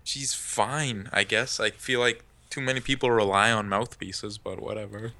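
Low-voiced guy, deadpan and blunt, cusses a lot, dry close sound. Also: normal speed, creaky, dry recording. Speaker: podcast co-host. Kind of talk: casual chat.

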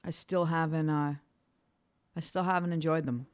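A woman's voice: deep voice, fairly even intonation, moderate pace. A woman co-hosting a casual podcast chat, teasing and giggling often, with some swearing. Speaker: podcast co-host.

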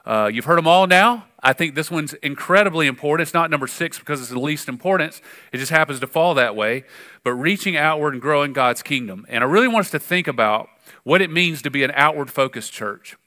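A pastor preaching in a conversational, animated way, his voice bright and forceful and pitched a little high. He leans on fillers and restarts, then surges up in sudden bursts of emphasis. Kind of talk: sermon.

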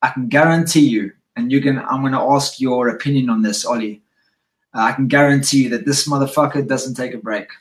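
A man hosting a live-stream interview in a high-energy, swearing, enthusiastic way. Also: fairly quick. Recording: echoey and distant from the mic.

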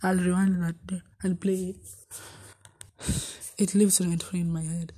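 A young woman with a Kenyan accent tells a personal heartbreak story, swinging between loud exclamations and hushed asides and slipping in Swahili. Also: lowish voice, level tone, measured pace. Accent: Kenyan English. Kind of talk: emotional storytime vlog.

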